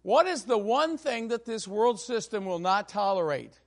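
A man preaching a sermon as pastor, stressing key phrases slowly and often pausing on fillers. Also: high-pitched, expressive.

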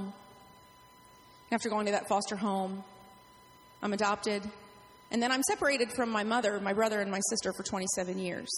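A middle-aged woman pastor preaching a sermon, telling a personal story in an animated way. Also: medium pitch, long reverb tail.

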